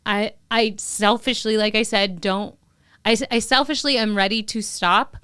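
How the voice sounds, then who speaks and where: A woman's voice: mid-range voice, measured pace, clean tone, no room sound, studio quality. A woman in her thirties, co-hosting a podcast, telling personal stories in casual chat and acting out what people said. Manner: animated storyteller, acts out quotes. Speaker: podcast co-host.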